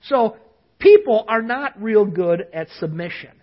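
A male pastor with a husky, slightly rough voice delivers a lively sermon, asking the congregation to say lines back to him. The recording sounds dull and lo-fi. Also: high voice, a little slow. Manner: lively preaching, calls on listeners to repeat after him.

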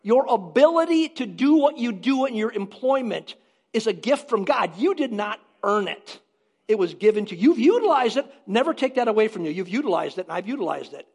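A man with a strikingly high voice preaching to his congregation. He is emphatic and drives points home by repeating short phrases. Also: animated, a little fast, breathy edge. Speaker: pastor. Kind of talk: sermon.

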